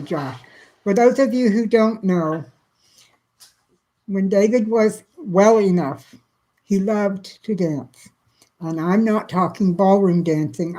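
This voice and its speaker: Woman, middle-aged, slightly low pitch, casual livestream chat, soft and emotional, greets viewers by name. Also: low-quality recording. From South Central Texas. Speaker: livestream host.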